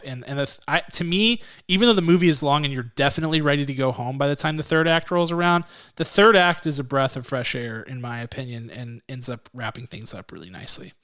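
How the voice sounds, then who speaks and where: A man co-hosting a movie review podcast in a casual, relaxed style, laughing often and poking fun at himself. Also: fairly high pitch, smooth. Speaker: podcast co-host.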